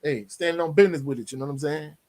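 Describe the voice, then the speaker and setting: A man hosting a sports livestream, reading chat comments aloud and answering with brash, animated trash talk. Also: on the high side, racing. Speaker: sports show host reading live chat.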